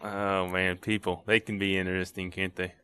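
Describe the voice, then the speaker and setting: A man's voice: sits low, level tone, normal speed, pushed and bright, clean tone. A man hosting a podcast, asking questions in an easygoing, casual way. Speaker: podcast host. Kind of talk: casual interview chat.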